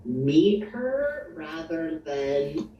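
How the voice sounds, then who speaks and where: A woman's voice: deep voice, very animated, drawn-out words, warm tone, reverberant. A woman playing a tabletop role-play game in a playful, laughing way, recorded distant and dull with faint noise. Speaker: player.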